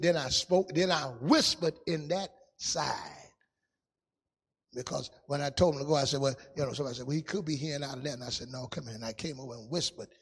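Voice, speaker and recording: A man preaching a testimony sermon in a sing-song style, dropping to a hush and rising to shouts. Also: a little high, slightly rough, long reverb tail.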